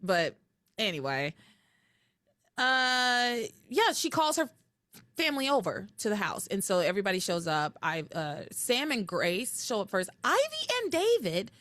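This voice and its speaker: A woman co-hosting a podcast, recapping episodes in animated casual chat and acting out quoted lines. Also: medium pitch, unhurried, dry recording. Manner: animated, recounting with quoted voices. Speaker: podcast co-host.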